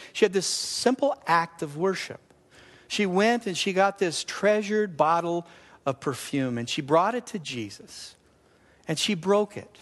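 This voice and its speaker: A middle-aged male pastor preaching with a light, high-pitched voice. He tells stories with lively emphasis, and his words ring out with a long hall reverb. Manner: storytelling, animated, emphatic preaching. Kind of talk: sermon.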